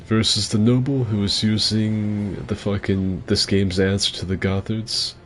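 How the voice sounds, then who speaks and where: A man with a rough, gravelly voice giving crude, joking commentary on a game fight club and answering chat as the host. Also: on the low side, little pitch movement, a little slow, a little hiss or hum. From mixed heritage, partly Asian. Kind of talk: casual gaming commentary.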